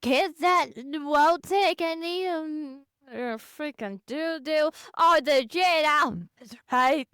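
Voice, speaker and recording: A woman's voice: sits high, slow, fairly bright tone, no room sound, studio quality. A young woman co-hosting a podcast in casual chat, blunt and rambling, swearing freely. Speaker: podcast co-host.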